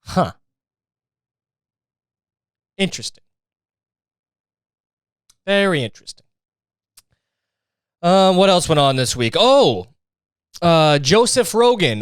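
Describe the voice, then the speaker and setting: A young man riffs alone on his podcast in a sarcastic, profane rant, swinging from mock-serious to heated. His voice sits a little high and comes through smooth and resonant. It is close and dry with no room around it. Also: no echo. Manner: sarcastic, profane, fired-up ranting. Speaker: podcast host. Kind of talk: casual solo podcast rant.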